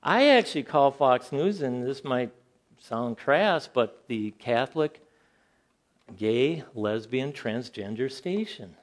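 Leading a Bible class in an informal sermon, an older man tells animated stories at a slow pace, going higher in pitch when incredulous and sinking low and quiet for his asides.

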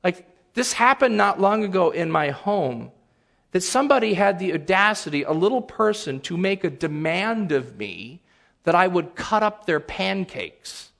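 A man preaching a sermon as a pastor, earnest and animated, with sudden loud bursts. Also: sits high, measured pace, vocal fry.

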